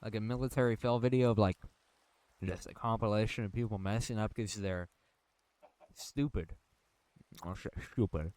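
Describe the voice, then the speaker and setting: A man's voice: fairly low pitch, moderate pace, pauses often, a little mellow, clean tone, no echo. A young man co-hosting a podcast in casual chat, teasing and drawing out his stories. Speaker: podcast co-host.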